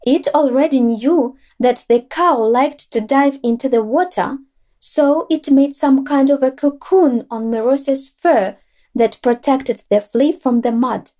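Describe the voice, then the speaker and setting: A woman narrating a bedtime story for children in a gentle, unhurried way. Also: high-pitched.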